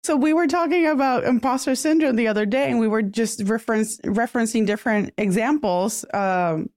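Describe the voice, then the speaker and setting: A woman's voice: mid-range voice, a little mellow, dry recording. Chatty woman guest, dry close sound. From Puerto Rico. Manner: chatty, laughs often, quick asides. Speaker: podcast guest, bilingual content creator. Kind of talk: casual interview chat.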